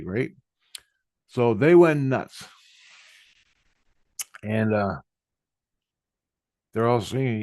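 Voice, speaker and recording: A man's voice: medium pitch, takes it slowly, long pauses, darkish tone, dry recording, studio quality. A man telling a spiritual experience in a casual monologue, in an agitated and profane way. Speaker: vlogger.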